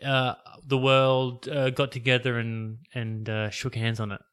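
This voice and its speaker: A man's voice: mid-range voice, completely flat delivery, measured pace, fairly bright tone, clean tone. A man, co-hosting a podcast and asking quizzical questions. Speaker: podcast co-host. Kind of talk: casual chat.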